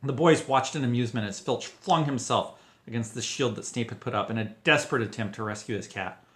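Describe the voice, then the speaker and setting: A man reading a fanfiction story aloud as an expressive storyteller. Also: medium pitch, a little fast. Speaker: fanfiction reader. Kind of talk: audiobook narration.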